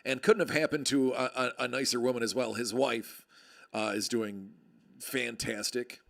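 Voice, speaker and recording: A man's voice: medium pitch, fairly even intonation, moderate pace, gravelly, fairly bright tone. A man hosting a card break livestream, chatting casually and joking with viewers in a rambling way. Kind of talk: casual chat.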